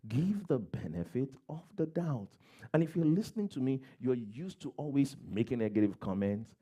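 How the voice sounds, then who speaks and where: A man's voice: medium pitch, very animated, normal speed, warm tone, husky. A man preaching a sermon as a pastor, giving plain advice, repeating key phrases and acting out everyday quotes.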